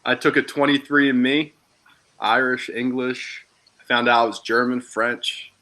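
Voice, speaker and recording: A man's voice: mid-range voice, fairly even intonation, measured pace, bright, forceful tone. A man in his thirties from Philadelphia, a podcast guest in casual chat, telling rambling, candid stories and swearing freely. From Philadelphia, USA.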